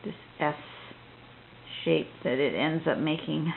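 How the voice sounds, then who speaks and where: Gravelly woman chatting through a drawing lesson. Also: low voice, measured pace. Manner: chatty and rambling, with frequent restarts. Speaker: drawing instructor. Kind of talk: casual drawing tutorial, thinking aloud. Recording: tinny phone-like audio with faint noise.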